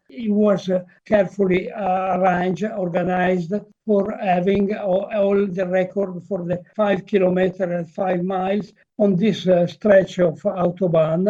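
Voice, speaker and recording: A man's voice: high voice, warm tone. Older Italian-accented man lecturing over video call. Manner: halting, with frequent fillers and restarts. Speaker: guest presenter, motor historian. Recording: muffled video call audio.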